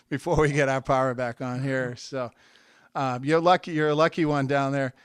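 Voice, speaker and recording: A man's voice: mid-range voice, fairly even intonation, moderate pace, clear, resonant tone, no echo, clean studio sound. A man from New England hosting a weekly music interview show in a chatty, rambling way with many fillers. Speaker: podcast host. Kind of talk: casual interview chat.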